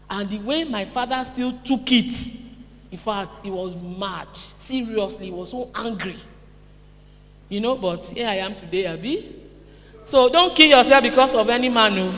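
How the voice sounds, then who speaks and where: A Nigerian woman giving a lively motivational conference talk, calling out to her audience. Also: mid-range voice, normal speed, a little hiss or hum. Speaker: seminar speaker. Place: conference hall. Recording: echoey hall.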